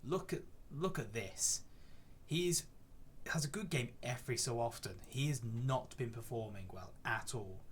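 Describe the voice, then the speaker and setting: A man's voice: medium pitch, unhurried, slight background noise. A young man casually commentating on his football management game, chatty and easily exasperated by poor play. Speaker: gaming YouTuber. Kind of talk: gameplay commentary.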